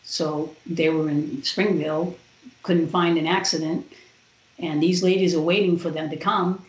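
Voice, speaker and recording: Woman, podcast guest, animated storytelling, roomy dull sound. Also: low voice, measured pace. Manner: animated retelling with quoted voices. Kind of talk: personal storytelling.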